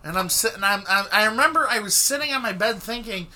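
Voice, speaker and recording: A young man chiming in on a casual podcast story, acting out quoted lines with big jumps in pitch. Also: lively intonation, fast, bright, forceful tone.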